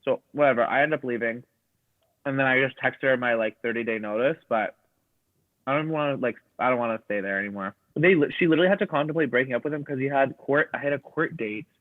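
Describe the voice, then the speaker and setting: A man's voice: mid-range voice, quick pace, no room sound. A man, a comedian guest, telling a rambling, profane story in casual chat and quoting people as he goes. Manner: rambling, profane, quotes others in dialogue. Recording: dry tinny phone-like sound.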